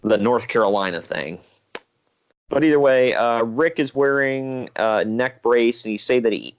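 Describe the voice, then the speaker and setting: A man co-hosting a podcast, casually recapping old wrestling shows in a rambling, relaxed way with fillers. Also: fairly low pitch. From Ohio. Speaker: podcast co-host.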